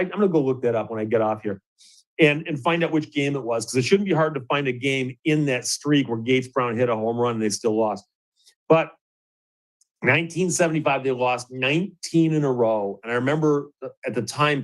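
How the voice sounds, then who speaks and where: A man's voice: fairly high pitch, normal speed, low-quality recording. Chuckling middle-aged man spinning a story. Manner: animated anecdote-telling, chuckling, many restarts. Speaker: host. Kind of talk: casual storytelling.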